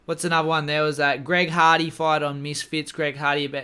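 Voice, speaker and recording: A man's voice: fairly high pitch, little pitch movement, a little fast, bright, forceful tone, clean tone. A man talking casually to camera, giving opinionated, rambling takes on fights and swearing freely. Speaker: MMA commentary YouTuber.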